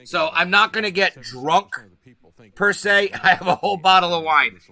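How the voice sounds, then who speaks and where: Nervous male livestream host, bright higher voice, rambling and swearing at chat. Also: normal speed, rough recording. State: anxious.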